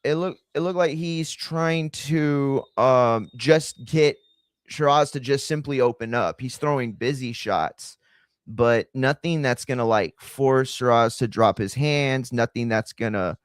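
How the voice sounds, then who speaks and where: Streamer, male, easygoing slangy fight talk, dry close mic, mid-pitched voice. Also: measured pace, smooth, dry recording. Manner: loose, slangy, chatty, addresses chat directly. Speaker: watch-party streamer and fight commentator. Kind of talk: casual live-stream commentary.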